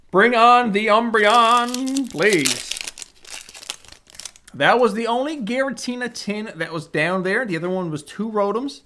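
A Canadian vlogger giving casual commentary while opening trading card packs, reading off card names and growing more excited on good pulls. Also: medium pitch. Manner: lively running play-by-play, lists card names.

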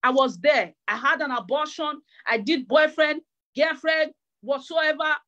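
A woman's voice: sits high, unhurried, fairly bright tone, muffled recording. A woman preacher delivering a fervent sermon, repeating phrases with stammering restarts.

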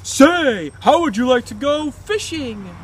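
A man's voice: very high voice, lively intonation, takes it slowly, a little hiss or hum, pitched above the performer's own voice, full character voice. A man doing a chirpy, cheery sitcom dad. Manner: chirpy, exaggerated.

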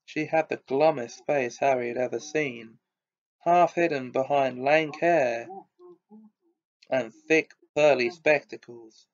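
Slow-reading man narrating a storybook. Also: medium pitch, lo-fi sound. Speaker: audiobook reader.

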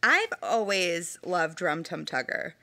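Lively, bright-voiced playful woman. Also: lowish voice, slow pace. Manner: playful, mimics cat voices with big swoops. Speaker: podcast co-host. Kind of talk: casual chat.

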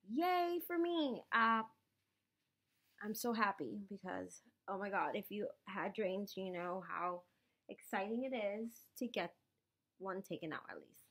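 A woman, vlogging at home after surgery, tired and sore, emotional and apologetic as she rambles. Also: medium pitch. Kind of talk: casual personal vlog.

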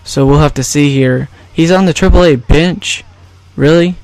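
A man's voice: a little high, normal speed, a little mellow, dry recording. A man giving casual, rambling and jokey commentary over a baseball video game. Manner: rambling, jokey, self-correcting. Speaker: gaming YouTuber.

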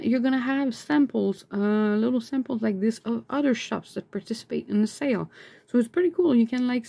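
A woman chatting casually as she unboxes sticker mail, excitable and chatty, breaking into high squeals over cute things. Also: gravelly. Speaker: vlogger.

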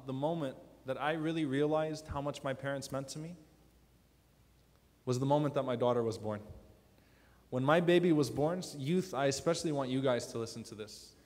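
A man preaching to a youth conference, telling personal stories earnestly and dropping to a hushed voice for emphasis. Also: on the high side. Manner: drops to a soft, hushed voice for emphasis. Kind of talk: emotional sermon. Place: large conference hall. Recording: long hall reverb.

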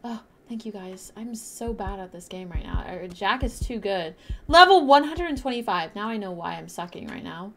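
A young woman streaming a game live, chatting bubbly with her viewers and teammates and bursting into loud shrieks. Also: mid-range voice, normal speed, few pauses, a little hiss or hum. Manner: talks to chat and teammates while playing.

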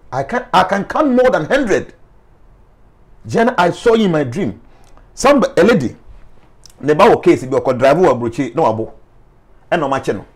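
A man with a Ghanaian accent speaks as a life coach in an animated interview, blending English with Twi phrases. His voice is a little high.

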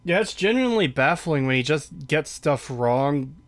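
Dry, measured man hosting a stream. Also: fairly high pitch, expressive. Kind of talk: casual stream chat.

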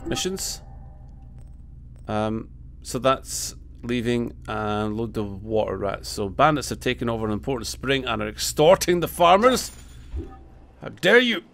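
A man hosting a let's play, giving excitable gameplay commentary, swearing and humming tunes over game music. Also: mid-range voice, vocal fry, slight background noise.

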